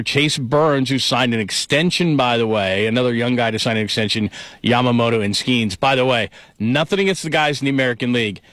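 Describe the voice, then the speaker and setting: A man hosting a casual sports talk show, running through lists of players in a relaxed way and ribbing his co-host. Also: mid-range voice, dry recording.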